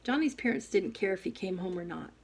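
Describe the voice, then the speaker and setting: A woman reading a first-person novel aloud as an audiobook, with expressive storytelling. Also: medium pitch, fairly quick, creaky. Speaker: audiobook reader.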